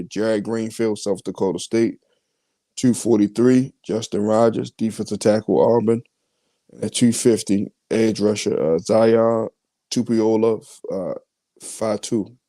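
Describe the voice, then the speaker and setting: A man with a low, mellow voice hosts a podcast and runs through his draft picks one by one. He talks casually and haltingly, with plenty of "uh" and "um" and the odd cough. The sound is dry and close. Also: steady tone, no room sound. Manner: halting, many fillers and coughs. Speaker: podcast host. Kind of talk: casual chat reading mock draft picks.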